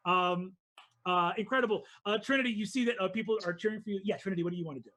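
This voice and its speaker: An excitable man narrates a tabletop game as dungeon master. He talks with an animated, eager energy and sprinkles his narration with fillers and quick restarts. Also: high-pitched.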